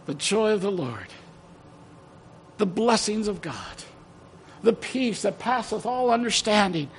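A man's voice: high voice, takes it slowly, slight background noise. A man preaching a sermon to a congregation in a church, emotional and exclaiming praise, breaking into sung hymn lines. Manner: exclaims praise, apologizes for excitement. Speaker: guest preacher.

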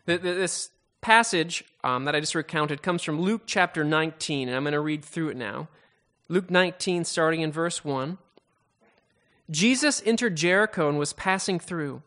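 Male preacher, a touch high-voiced, telling a Bible story with drama and many stammered restarts. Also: moderate pace, a bit bright. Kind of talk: sermon storytelling.

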